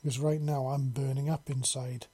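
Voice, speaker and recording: A man reading the part of a sultry, eager female dragon-woman who purrs and teases softly. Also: medium pitch, level tone, normal speed, breathy edge, lightly acted. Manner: purring, soft and teasing.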